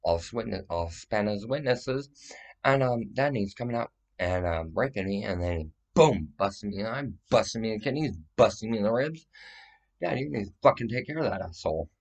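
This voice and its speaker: A man with a fairly low voice rambles on in a vlog monologue. His talk is loose and full of swearing, and it keeps tipping into agitated outbursts. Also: animated, fairly quick, gravelly.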